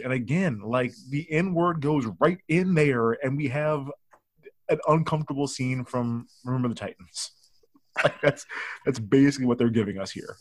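A man's voice: mid-range voice, expressive, moderate pace, no echo, clean studio sound. A man co-hosting a casual movie review podcast, joking and acting out lines from the film in mock voices. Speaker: podcast co-host.

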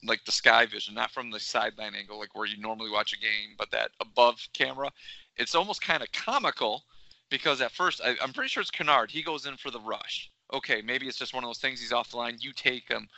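A man chatting about football in a rambling way, often searching for the next word. His voice is very sharp and tense, with a gravelly rasp. The sound is close and dry. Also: mid-range voice, a little fast, dry recording, poor audio. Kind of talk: casual sports talk.

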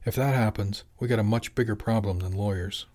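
A man's voice: fairly low pitch, a little fast, warm tone, natural voice. A man voicing a jolly, determined middle-aged fishing boss who talks plainly and persuasively.

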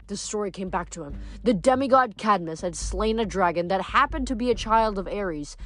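A woman's voice: on the low side, expressive, moderate pace, few pauses, fairly bright tone, soft background music. A young woman hosting a reading channel, recapping casually with fillers and then reading a novel aloud. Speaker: book reader.

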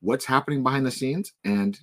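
A man in his twenties with a hoarse voice, hosting a podcast in casual chat and telling stories in an animated way. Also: medium pitch, fairly quick. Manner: animated storytelling, frustrated rants. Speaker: podcast host.

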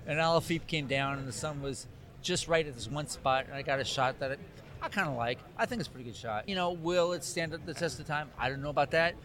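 Animated man telling a story outdoors. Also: a little high, fast. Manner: animated anecdote teller, acts out dialogue. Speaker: cycling photographer. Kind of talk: casual storytelling chat.

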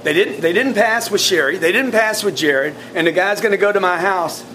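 A man coaching his sales staff in a blunt, animated way, often restarting his sentences. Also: high voice, a little fast, a little hiss or hum. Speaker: sales team leader.

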